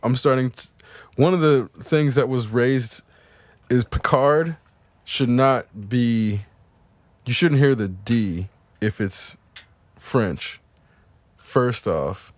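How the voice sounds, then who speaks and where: A man's voice: mid-range voice, slow pace, pauses often, no echo. A man co-hosting a casual podcast chat, opinionated and argumentative, swearing casually as he picks apart details. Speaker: podcast co-host.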